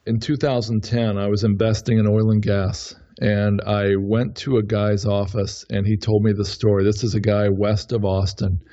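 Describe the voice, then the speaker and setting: A man with a low, mellow voice speaks as an interview guest. He rambles through his stories, restarting and correcting himself. The recording sounds dull and lo-fi. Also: little pitch movement, normal speed, few pauses. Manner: rambling, frequent self-corrections. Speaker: podcast guest, real estate investor. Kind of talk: casual interview talk.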